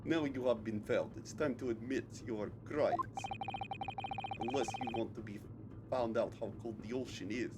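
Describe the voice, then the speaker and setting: A man's voice: mid-range voice, moderate pace, heavy background noise, close to an everyday voice. A man voicing a stern male ship officer, speaking in menacing, broken phrasing. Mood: threatening.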